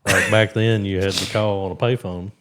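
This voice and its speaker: A man, co-hosting a podcast and adding low-key, dry remarks. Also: fairly even intonation, moderate pace, heavy background noise. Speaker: podcast co-host. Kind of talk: casual chat.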